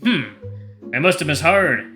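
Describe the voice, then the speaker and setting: A man's voice: on the high side, animated, measured pace, faint music behind. Man doing a blustering lion guard with a put-on accent. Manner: loud, bumbling, old-fashioned speech. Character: blustering loyal male lion royal guard, uncle.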